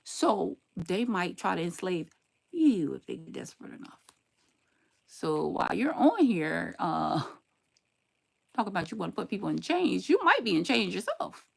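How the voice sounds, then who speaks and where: An older woman hosts a live stream, reading out comments and answering them with blunt, sarcastic warnings. Her voice is gravelly with a lot of fry, and her pitch swings widely from phrase to phrase. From southern United States. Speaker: livestreamer.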